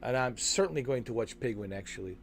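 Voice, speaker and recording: A man's voice: mid-range voice, animated, fast, a little hiss or hum. A man hosting a game walkthrough, chatting loosely and rambling, throwing in "man" and "dude" and correcting himself as he hunts for names. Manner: frequent fillers and self-corrections while searching for names. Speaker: gaming channel host. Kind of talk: casual chat over a game walkthrough.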